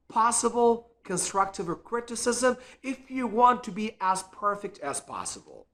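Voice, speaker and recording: A man's voice: sits high, a bit bright. A man and English teacher giving an earnest, encouraging spoken lesson, repeating words to show pronunciation.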